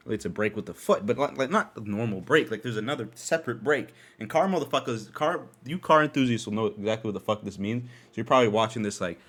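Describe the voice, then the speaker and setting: Animated, profane young man podcasting. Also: medium pitch, fairly quick. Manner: animated, profane, laughing asides, swings from loud to mumbly. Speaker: podcast host. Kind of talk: casual storytelling podcast.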